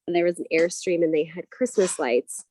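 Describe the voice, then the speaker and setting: A woman's voice: on the low side, mellow. A woman in her thirties co-hosting a casual livestream, chatting and telling family stories. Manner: chatty storytelling, quick asides. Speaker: co-host.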